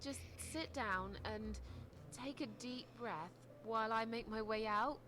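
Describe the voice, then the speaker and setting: A wary, placating widow. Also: female voice, fairly high pitch, measured pace, fairly bright tone, a little hiss or hum. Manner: placating, careful. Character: troubled widow, wary, pleading calm.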